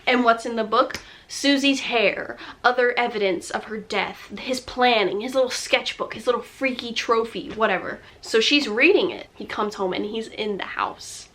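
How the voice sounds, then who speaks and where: Young female vlogger, casual and emotive, talks in fillers, higher-pitched. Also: moderate pace, hardly any pauses, fairly bright tone, slight background noise. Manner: emotive, gushing, lots of filler words. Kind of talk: casual movie review.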